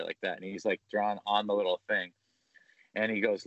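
A man's voice: fairly low pitch, normal speed, no room sound, muffled recording. A man co-hosting a sports podcast, telling a story in casual chat and acting out the coaches' lines. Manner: animated, acts out coaches' lines while telling stories. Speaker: podcast co-host.

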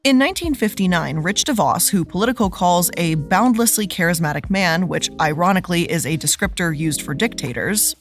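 A woman hosting a scripted show, narrating with a sarcastic, lively delivery. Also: on the low side, fairly quick, few pauses, soft background music. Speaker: host.

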